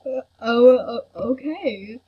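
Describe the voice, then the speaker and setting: Breathy, slow-talking young woman gamer. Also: on the high side. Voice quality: breathy, soft-spoken. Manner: excitable, gasping and fawning over the game. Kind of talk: casual gameplay commentary. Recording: dull lo-fi home recording.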